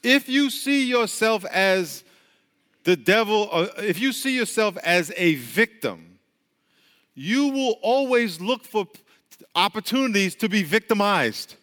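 High-voiced preacher in a reverberant hall. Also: male voice, expressive, unhurried, a bit bright. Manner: storytelling with call-and-response to the congregation. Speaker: pastor. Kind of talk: sermon.

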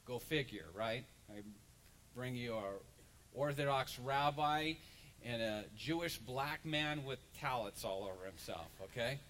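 A man, a pastor, preaching a lively sermon in a church and acting out the voices of people in the story. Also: mid-range voice, a little slow, a little hiss or hum, rough recording. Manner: animated storytelling, acts out crowd voices. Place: church sanctuary.

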